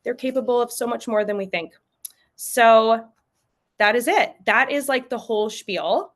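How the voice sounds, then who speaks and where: A young adult woman, a pediatric expert, giving casual, chatty advice over a video call and often acting out parents and toddlers in quick voices. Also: fairly high pitch. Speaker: pediatric sleep and potty training expert. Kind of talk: presenting tips at a virtual event.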